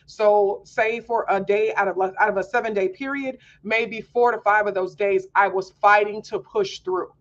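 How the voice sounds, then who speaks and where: A woman's voice: medium pitch, steady tone, normal speed, hardly any pauses. Earnest confiding woman, muffled recording. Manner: earnest and confiding, heavy use of fillers like "um" and "like". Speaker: homeschool mom podcast host. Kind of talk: candid personal monologue.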